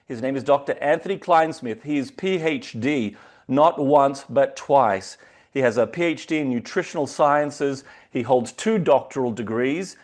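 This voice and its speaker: A man hosting a company video call, hyping the guest with excitable introductions. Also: medium pitch, normal speed. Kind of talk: enthusiastic online meeting hosting.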